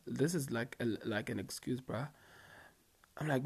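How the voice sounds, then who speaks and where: A young man talks straight to his viewers in a loose, slangy storytime. He rambles through asides and fillers, and his voice sits at an ordinary middle pitch. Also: a little slow, long pauses, a little mellow, husky. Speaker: vlogger. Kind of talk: casual storytime monologue.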